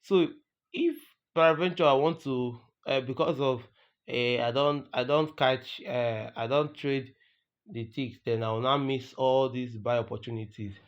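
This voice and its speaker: A man's voice: mid-range voice, a little slow. Guy teaching trading, pushy and repetitive, keeps asking questions, muffled lo-fi audio. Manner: emphatic, repeats points, asks rhetorical questions. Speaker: trading tutor. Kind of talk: screen-recorded trading tutorial. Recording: dull lo-fi recording with faint noise.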